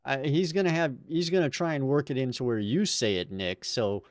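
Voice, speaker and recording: Smooth-voiced, upbeat male host. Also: mid-range voice, moderate pace, dry recording, clean studio sound. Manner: upbeat, chatty, laughs along. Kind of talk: hosting a music review show.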